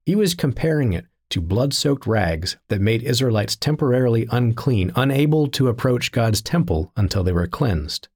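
A man giving a scripted teaching narration in a measured, deliberate reading style. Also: medium pitch, lively intonation, darkish tone.

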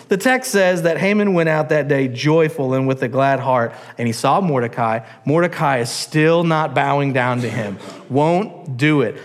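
A man preaching a sermon as a pastor, telling a story animatedly and acting out its characters. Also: on the high side. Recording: long church hall reverb.

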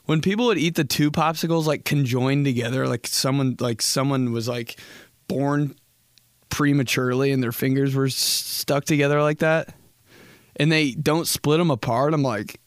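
A man's voice: mid-range voice, steady tone, measured pace, long pauses, no echo, studio quality. Profane rambling young podcast host, man. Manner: profane, rambling, jokey storytelling. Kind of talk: solo casual podcast chat.

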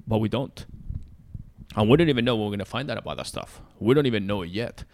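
A man's voice: fairly low pitch, lively intonation, fast, vocal fry, darkish tone, a little hiss or hum. A man in casual conversation who rants at length, rambling and swearing freely as he vents. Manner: ranting, rambling, profane. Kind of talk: casual podcast chat.

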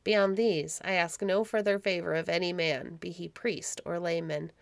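A woman reading aloud, voicing a wounded, vengeful medieval baron with a rough, vehement manner. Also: on the low side, steady tone, normal speed, no room sound.

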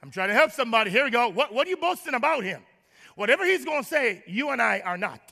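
A man preaches to his congregation in a very high, piercingly bright voice. He teases the crowd with humor and builds to shouted lines. A long reverb trails every word in the church hall. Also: very animated, quick pace, vocal fry. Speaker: pastor. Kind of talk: sermon. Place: large church.

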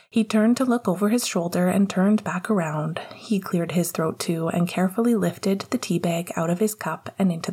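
Woman, whispered story narration, soft, hushed, breathy, warm, low. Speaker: audiobook reader.

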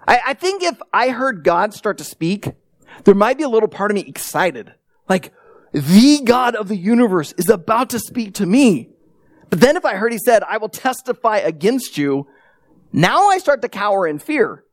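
A middle-aged man preaching a sermon, telling stories in an animated way and acting out the quotes he gives. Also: sits high, normal speed, dry recording, studio quality. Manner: animated storytelling with acted-out quotes. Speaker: pastor.

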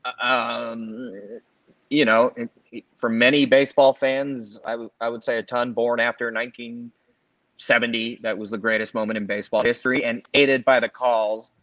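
A man's voice: mid-range voice, normal speed, dry recording. A man in his forties from the Los Angeles area rambles through sports memories as a podcast co-host, stacking fillers and restarts. His mid-range voice comes through a dry, slightly muffled lo-fi recording. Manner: rambling, filler-heavy, animated storytelling. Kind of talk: casual sports chat.

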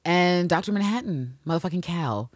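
A woman co-hosting a casual recap podcast, talking in an animated, profane way and acting out scenes as she goes. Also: fairly low pitch, normal speed, no echo, clean studio sound. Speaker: podcast co-host.

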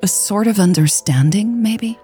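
A woman narrating a romance story in a calm, even storytelling voice. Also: mid-range voice, measured pace, slightly rough, soft background music. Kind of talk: scripted audiobook narration.

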